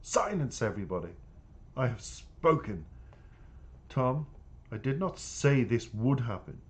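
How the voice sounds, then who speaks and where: A man's voice: mid-range voice, measured pace, a little mellow, pitched above the performer's own voice, lightly acted. A man voicing a stern older woman who runs a boys' home, scolding in a storybook reading.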